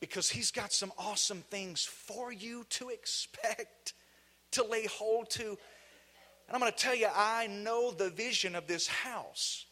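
A man with a Southern US accent preaching an energetic sermon as guest preacher, calling out to the congregation. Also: high voice, slow. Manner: fiery, shouting call-and-response with the congregation. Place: church sanctuary.

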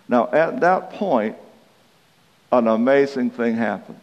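A man's voice: medium pitch, lively intonation, drawn-out words, long pauses. Folksy male preacher, chuckles at his own anecdotes; dull recording in a big echoing hall. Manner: folksy, self-deprecating, chuckles through anecdotes. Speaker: pastor. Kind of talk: sermon with personal storytelling.

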